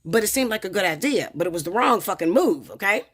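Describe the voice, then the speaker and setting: A woman's voice: medium pitch, very animated, fast talker. An American woman tarot reader telling a personal story to her viewers in a blunt, profane, emphatic way, often repeating "okay?".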